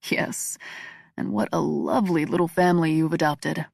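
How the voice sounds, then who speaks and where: A woman voicing a calm, wry male crime boss in an audiobook, speaking in a quiet, dry, measured way. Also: low-pitched, vocal fry, no echo, exaggerated voice.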